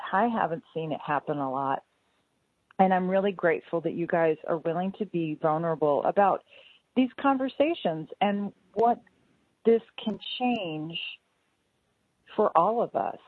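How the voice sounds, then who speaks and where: A woman's voice: on the low side, no room sound. A woman hosting a casual interview over a call, gushing and laughing often. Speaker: podcast host. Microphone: call audio. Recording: tinny call line, dry.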